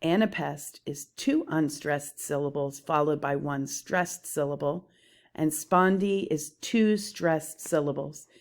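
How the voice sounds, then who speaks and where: Slow, low-voiced woman teaching poetry terms. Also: a little mellow. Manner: slow, deliberate explaining. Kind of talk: slide lecture on poetry.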